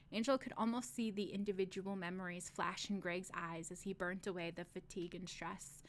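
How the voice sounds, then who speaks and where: A woman reading a fantasy novel aloud on a live stream, steady in the narration and breaking off for joking asides. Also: mid-range voice. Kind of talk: casual read-aloud with asides.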